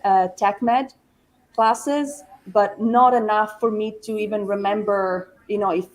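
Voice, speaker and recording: A woman from Italy, a podcast guest talking in a hesitant, halting way. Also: mid-range voice, steady tone, low-quality recording. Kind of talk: casual chat.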